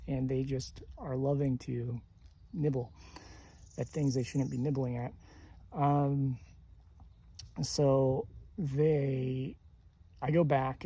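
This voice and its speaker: Mellow, husky man telling a story. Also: medium pitch. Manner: rambling, animated retelling with quoted dialogue and laughs. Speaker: spiritual storyteller. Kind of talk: casual personal storytelling. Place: sitting outdoors on a picnic bench.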